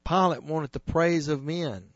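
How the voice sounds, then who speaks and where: A man's voice: fairly high pitch, no room sound. Earnest male preacher, dull dry recording. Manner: earnest, emphatic, slows on key phrases. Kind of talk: sermon retelling scripture.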